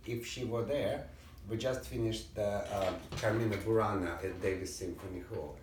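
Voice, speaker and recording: A man's voice: fairly low pitch, fairly even intonation, moderate pace, background noise. Man coaching a violin lesson, roomy. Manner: sings rhythms and calls out commands over playing. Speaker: violin teacher. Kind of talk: private music lesson coaching. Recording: roomy and distant, violin playing behind.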